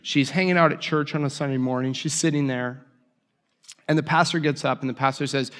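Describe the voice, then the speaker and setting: A man preaching a sermon as a pastor, telling a story with lively, acted-out voices for the people in it. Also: mid-range voice, fairly quick, long reverb tail.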